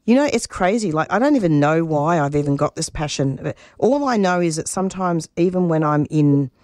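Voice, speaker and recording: A woman's voice: low-pitched, animated, a little fast, a little mellow, no room sound, clean studio sound. A middle-aged woman, a radio producer, speaking earnestly and emphatically as an interview guest, often restarting her phrases. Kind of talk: personal interview answers.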